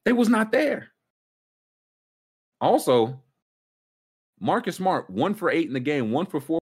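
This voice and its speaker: Animated ranting male sports podcaster. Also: a little slow, breathy edge. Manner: animated, ranting, jumps high in pitch when worked up. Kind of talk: casual sports talk.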